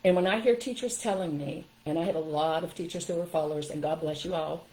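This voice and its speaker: A woman's voice: deep voice, fast, mellow, poor audio. Firm older woman giving parenting advice. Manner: firm, emphatic, addresses viewers directly. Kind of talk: casual livestream advice talk.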